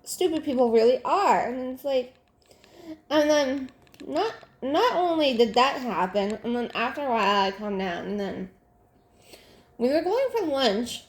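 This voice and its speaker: Young woman, exasperated chatty crafter, highish voice, roomy echoey room. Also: animated, unhurried. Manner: venting, exasperated, many fillers and restarts. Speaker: crafting vlogger. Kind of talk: casual chat while crafting. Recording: roomy echo.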